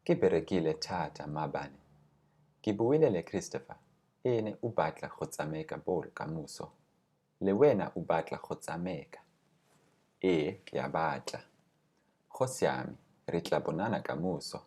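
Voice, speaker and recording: A man with a very low, husky voice teaches a recorded language lesson. He reads short example phrases, then walks through each word patiently and slows on the important ones. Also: animated, a little mellow. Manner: patient, explains word by word, slows on key words.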